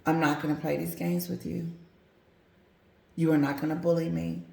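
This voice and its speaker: A woman voicing an older male king who is aggrieved and firm, scolding in a stern, measured way. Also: deep voice, flat delivery, creaky, mellow. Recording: roomy echo.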